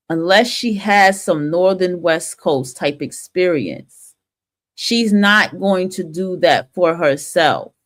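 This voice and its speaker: A woman from the northern United States hosting a talk stream and giving a blunt, profane opinion monologue, often restarting her sentences. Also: fairly low pitch.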